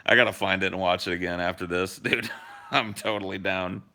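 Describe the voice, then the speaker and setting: Young male podcast co-host, bright and punchy, lower-pitched, animated swearing storyteller. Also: a little fast. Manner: animated storyteller, swears freely, acts out quotes. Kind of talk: casual podcast chat.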